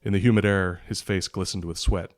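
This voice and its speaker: A man who is an author, reading a passage of his thriller novel aloud in a steady, measured way for a podcast. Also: sits low. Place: podcast recording.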